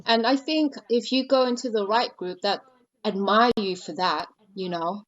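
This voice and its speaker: A blunt, outspoken woman talking casually as a podcast guest and swearing freely. Her voice sits at a middle pitch and comes through a dull, lo-fi recording. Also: moderate pace. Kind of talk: casual chat. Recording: dull lo-fi sound.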